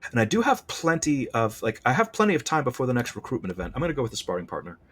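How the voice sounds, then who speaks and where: A man giving casual game commentary, animated and thinking aloud, often correcting himself. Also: mid-range voice, rapid-fire. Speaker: gameplay commentator.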